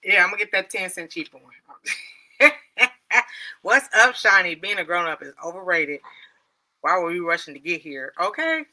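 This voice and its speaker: A woman's voice: on the low side, normal speed, pauses often, sharp tone. A middle-aged woman hosting a casual livestream chat, laughing often and reading out viewer comments. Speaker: livestream host.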